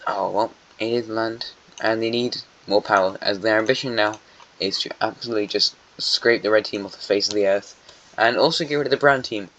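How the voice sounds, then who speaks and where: A man's voice: lowish voice, fairly bright tone. A man narrating an alternate-history map in a casual, meandering way, musing aloud and correcting himself as he goes. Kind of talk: casual rambling commentary. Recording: dull lo-fi mic.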